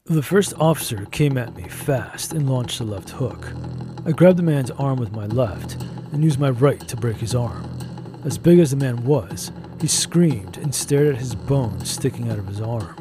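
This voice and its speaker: A man narrating a first-person story in an even, measured way. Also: medium pitch, background noise.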